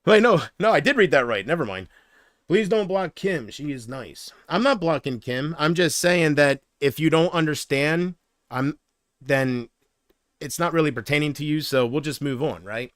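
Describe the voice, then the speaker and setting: A man's voice: fairly high pitch, animated, moderate pace, a bit bright, no echo, studio quality. A man on a livestream, ranting in an agitated, profane way and talking back to comments from his chat. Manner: reads viewer comments aloud. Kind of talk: live-stream rant to chat.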